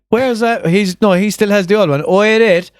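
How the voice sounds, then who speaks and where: A man's voice: high-pitched, normal speed, clear, resonant tone, no echo, studio quality. A man in his thirties with an Irish accent, co-hosting a casual podcast and joking around with friends. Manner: jokey, swearing, laughing a lot. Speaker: podcast co-host. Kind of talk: casual banter on a live stream.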